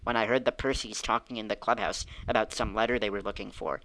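A man reading aloud, voicing an excited, curious young boy in a children's storybook. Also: fairly low pitch, rough recording. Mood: eager. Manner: eager, quick bursts.

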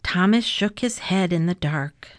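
A woman's voice: fairly low pitch, expressive, a little slow, no echo. Woman reading a storybook aloud. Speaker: narrator.

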